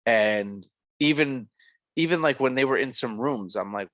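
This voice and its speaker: A man's voice: mid-range voice, a little slow, a bit bright, dry recording. A young man co-hosting a podcast, reviewing a film in a rambling, casual way full of fillers and restarts. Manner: rambling, filler-heavy, self-correcting. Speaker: podcast co-host.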